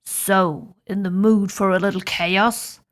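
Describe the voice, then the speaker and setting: Woman voicing a hoarse tempting demon. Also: mid-range voice, fairly even intonation, slow pace, natural voice. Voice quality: slightly hoarse.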